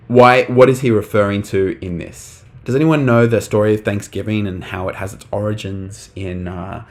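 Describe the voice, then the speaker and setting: Young male teacher, lowish pitch, relaxed live-stream delivery, frequent ums. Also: creaky. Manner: casual, talks to chat, many fillers. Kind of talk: live online English lesson.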